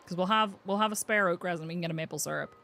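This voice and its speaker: A woman's voice: lowish voice, rapid-fire, vocal fry, a little hiss or hum. Chatty woman streaming a farming game. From United Kingdom. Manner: chatty, thinks aloud, coos brightly at game animals. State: has the hiccups. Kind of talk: casual live-stream gameplay chat. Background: game music.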